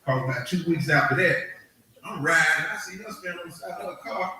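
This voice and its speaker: A man's voice: fairly high pitch, a little fast. A man doing crude stand-up comedy, telling stories with animation and laughing through his punchlines. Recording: echoey far-off stage recording with loud crowd laughter. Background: audience laughter.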